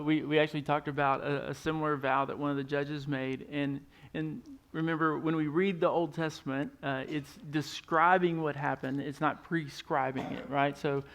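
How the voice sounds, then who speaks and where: A man's voice: a little high, vocal fry. A man preaching a sermon as lead pastor, talking in a loose conversational way and often repeating words as he starts a phrase. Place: church stage.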